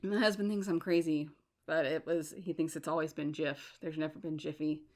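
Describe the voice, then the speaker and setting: A woman hosting a solo podcast, talking in an animated, emphatic and incredulous way. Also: deep voice, brisk. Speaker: podcast host.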